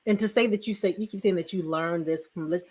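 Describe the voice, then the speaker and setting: Husky, effusive woman co-host. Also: on the low side, fast. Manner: effusive, excitable, rambling. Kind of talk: casual online talk show chat.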